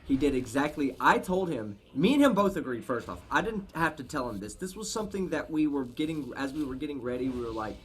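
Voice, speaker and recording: A man hosting a live stream, chatting casually, swearing often and thanking viewers with emphatic shouts. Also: medium pitch, lively intonation, fairly quick, hardly any pauses. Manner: profane, emphatic, shouts out supporters. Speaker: livestream host. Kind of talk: casual livestream chat.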